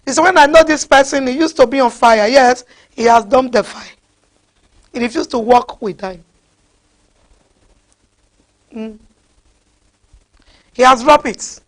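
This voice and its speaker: Woman preacher, high voice, animated sermon, asks the crowd "huh?", slips into pidgin. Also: moderate pace, long pauses. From West Africa.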